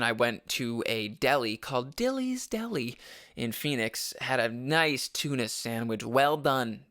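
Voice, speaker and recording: Bright-voiced man rambling through a road story. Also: medium pitch, smooth, dry recording, studio quality. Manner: rambling, swears freely, many restarts. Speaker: podcast host. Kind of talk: casual storytelling monologue.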